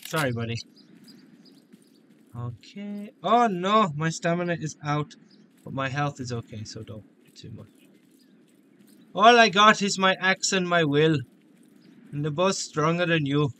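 Playful high-voiced man commenting on a game. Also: animated, unhurried, long pauses, sharp tone. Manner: joking, playful, with silly voices and outbursts. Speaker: gaming video host. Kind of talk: let's play commentary.

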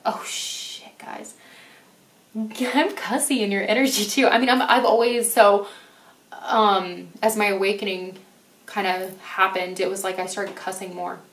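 A woman's voice: mid-range voice, steady tone, normal speed, a bit bright, distant mic. Young woman tarot reader, gushing and emphatic, slightly off-mic in a roomy space. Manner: gushing, emphatic, swears casually. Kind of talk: casual tarot reading to viewers. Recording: echoey room, voice a bit off-mic.

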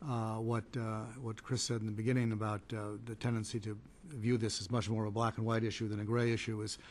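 A man giving conference panel remarks as a trade policy advocate, measured and hesitant with many fillers and restarts. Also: fairly low pitch, level tone, a little hiss or hum.

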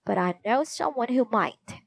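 A woman voices a sharp, eager girl sleuth from a storybook, lifting her voice a touch higher. The delivery is unhurried, and the sound is dry and close. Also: expressive, vocal fry, dry recording, heavily acted. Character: quick-witted young girl detective.

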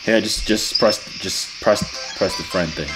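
A man's voice: lowish voice, measured pace, over music. A young man hosting a casual vlog who talks with strangers in a playful, teasing, joking way. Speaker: YouTuber and video chat app host.

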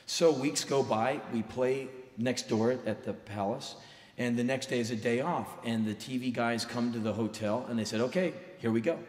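A man's voice: medium pitch, steady tone, moderate pace, a little mellow. A man telling a story live on stage, intense and emphatic, acting out the dialogue. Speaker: spoken word performer. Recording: reverberant live hall recording.

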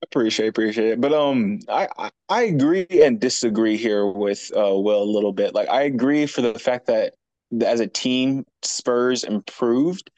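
A man's voice: medium pitch, moderate pace, a little mellow, no room sound, low-quality recording. A man on a chat panel, hesitantly weighing both sides of an argument.

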